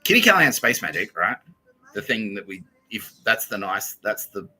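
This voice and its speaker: A man's voice: lowish voice, sing-song, normal speed, sharp tone, breathy edge, rough recording. An Australian man hosting a podcast, telling a rambling story in a profane, agitated way. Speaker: podcast host. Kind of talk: casual rambling monologue.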